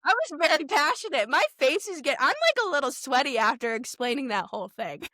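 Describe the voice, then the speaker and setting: A young woman co-hosting a podcast, telling family stories in an animated way and laughing often. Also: high-pitched, dry recording, clean studio sound. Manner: animated storytelling, quick to laugh. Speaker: podcast co-host. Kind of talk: casual chat.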